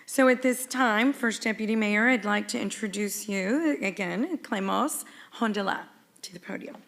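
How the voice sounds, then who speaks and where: A woman's voice: mid-range voice, moderate pace, vocal fry, fairly bright tone. A woman emceeing a ceremony, giving gracious formal introductions from a distance. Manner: gracious, thanking. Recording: distant voice with long hall reverb.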